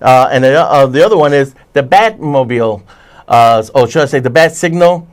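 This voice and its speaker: A man's voice: medium pitch, expressive. A man hosting a casual chat about movies and TV, rambling with many restarts and self-corrections. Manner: puts on quick voices when retelling scenes. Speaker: host.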